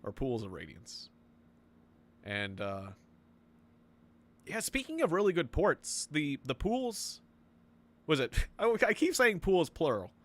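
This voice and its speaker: Rambling, lively male game streamer. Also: on the high side, slow, pauses often. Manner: rambling, excitable, swears and laughs at the game. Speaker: gaming video host. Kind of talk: casual let's-play commentary.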